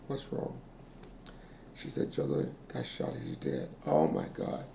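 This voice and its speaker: A man's voice: mid-range voice, vocal fry, mellow. A man in his sixties telling a painful family story in an interview, heartfelt, acting out the voices he quotes. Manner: heartfelt, acts out quoted voices, grammar of casual speech. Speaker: interviewee, soul singer. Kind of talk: emotional personal storytelling. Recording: echoey room with faint ambient noise.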